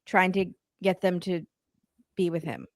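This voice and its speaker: A woman's voice: fairly low pitch, expressive, a little slow, no room sound. A woman co-hosting a podcast, trading blunt, joking commentary in casual chat. Her voice sounds dry and close, with no room around it. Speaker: podcast co-host. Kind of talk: casual chat about a reality show.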